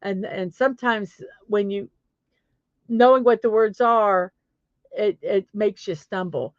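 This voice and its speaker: Slow, giggly Southern woman host. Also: mid-range voice, dry recording, dull audio. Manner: giggly, self-deprecating, stumbles and apologizes. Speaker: host of a daily positivity show. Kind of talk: casual solo chat.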